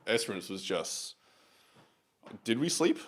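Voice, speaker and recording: A man's voice: on the low side, big pitch swings, slow. A young Australian man in a casual podcast chat, blunt and swearing constantly as he eggs on a friend.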